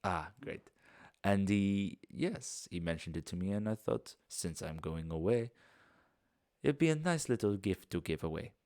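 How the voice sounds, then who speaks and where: A man's voice: low-pitched, a little mellow, dry recording, clean studio sound. A man doing a gracious foreign estate host. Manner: courteous, halting, searching for words.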